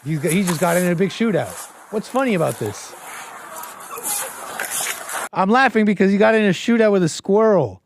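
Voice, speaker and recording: A man's voice: high voice, expressive, normal speed, pauses often, noisy background. A man hosting a casual commentary livestream, sarcastic and often laughing. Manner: sarcastic, keeps breaking into laughter. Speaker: livestream host.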